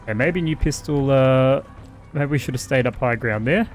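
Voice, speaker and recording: This man has an Australian accent and a medium-pitched voice at a moderate pace, with faint music in the background. As a gaming host doing let's-play commentary, he's casual, profane, and chats to the characters on screen.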